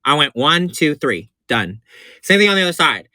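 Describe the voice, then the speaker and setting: A man's voice: on the high side, big pitch swings, moderate pace, sharp tone, no echo, clean studio sound. A man who performs in drag, giving a campy, chatty makeup tutorial on a livestream and calling his viewers honey and baby. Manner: gushing and repetitive.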